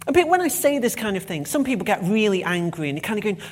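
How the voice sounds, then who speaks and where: A woman's voice: medium pitch, big pitch swings, fast, hardly any pauses, darkish tone, slight background noise. A woman giving a conference talk, passionate and emphatic, with blunt swearing when annoyed. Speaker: conference speaker.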